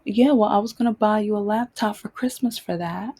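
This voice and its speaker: A man's voice: high voice, a little fast, darkish tone, pitched above the performer's own voice. A woman mimicking a whiny, demanding adult boyfriend in a raised, insistent voice. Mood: dismissive. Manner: whining, insistent.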